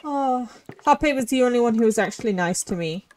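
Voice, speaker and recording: A woman commentating her playthrough of a horror game, excitable and sarcastic, often laughing. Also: fairly high pitch, fairly quick. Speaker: let's play gamer.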